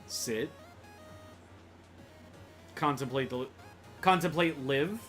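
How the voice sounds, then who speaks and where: A chatty male streamer gives casual, jokey commentary while he plays, greeting his chat as he goes. His voice is bright and forceful, pitched a little high. Game music plays faintly underneath. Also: moderate pace.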